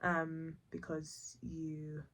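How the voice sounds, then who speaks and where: A woman's voice: deep voice, monotone, drawn-out words, fairly bright tone. A young woman improvising a second-person story for her podcast, chatty and rambling, correcting herself with casual asides. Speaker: podcast host.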